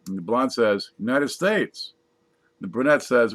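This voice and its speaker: A man casually reading jokes aloud from a page, putting on higher voices for the punchlines. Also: lively intonation, normal speed, fairly bright tone. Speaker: joke reader.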